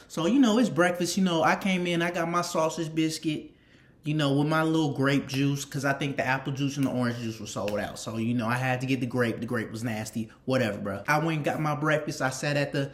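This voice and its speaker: A young man casually telling a story, animated and slangy, repeating phrases for emphasis and swearing freely. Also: on the high side. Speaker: storytime vlogger.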